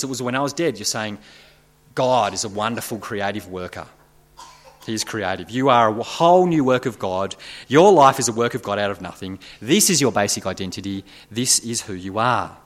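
A man's voice: mid-range voice, a bit bright. A man preaching a sermon to his congregation, earnest and building to emphatic, rising passages.

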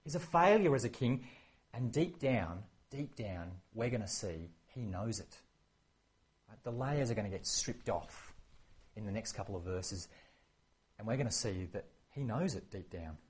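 A man preaching a sermon, animated and acting out the quoted exchanges. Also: on the low side, normal speed, husky. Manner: animated, acts out quoted exchanges, many fillers.

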